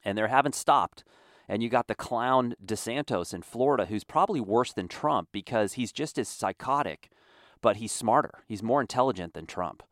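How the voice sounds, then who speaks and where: A man's voice: medium pitch, expressive, normal speed, no room sound, clean studio sound. A man delivering a heated, exasperated political commentary monologue.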